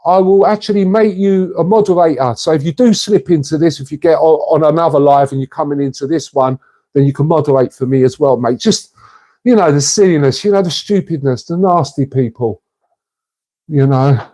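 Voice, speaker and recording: Chatty man, mellow livestream host. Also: on the high side, fairly quick. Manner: chatty, matey, reads and answers comments. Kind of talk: casual livestream chat with viewers.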